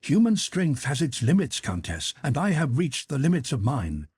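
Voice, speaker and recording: A man reading the part of a grieving, humiliated middle-aged nobleman, halting and full of self-pity. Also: medium pitch, big pitch swings, darkish tone, breathy edge, dry recording, voice pushed up. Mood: anguished. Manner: halting, self-pitying, anguished. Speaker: character in audiobook.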